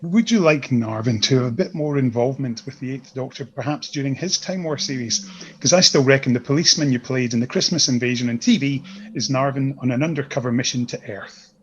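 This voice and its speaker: A man's voice: mid-range voice, fairly quick, lo-fi sound, slight background noise. A man podcast host asking his guest a chatty question. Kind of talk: interview question.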